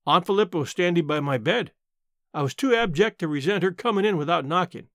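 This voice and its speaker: A man reading a short story aloud in an expressive storytelling manner. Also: high-pitched, a little fast, dry recording, clean studio sound. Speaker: narrator.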